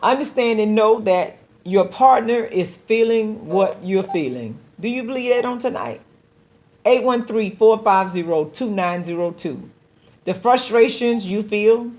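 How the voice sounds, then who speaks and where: A woman with a mid-range, slightly mellow voice speaks a little slowly. She's a pastor hosting a call-in radio show, addressing listeners in an earnest, exhorting preaching style and often repeating words as she builds her point.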